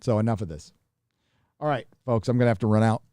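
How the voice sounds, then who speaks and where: A man with a lowish, warm voice talks fast while hosting a live stream, chatting casually and reading viewer donations aloud. He's rambling and profane, and the sound is clean studio quality with no room noise.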